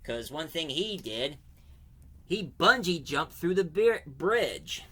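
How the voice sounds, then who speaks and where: A man's voice: a little high, sing-song, slow, sharp tone, breathy edge. A man giving a casual spoken comic book review, rambling and digressive, often stopping to correct himself mid-sentence.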